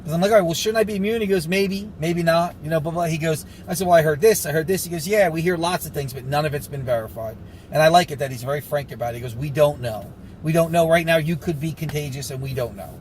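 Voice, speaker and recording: A fast-talking man with a slightly high voice rambles through a casual rant, sarcastic and full of asides. He sounds a little short of breath, and there is a faint hum of ambience behind him. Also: a little mellow, rough recording. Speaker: vlogger recovering from covid.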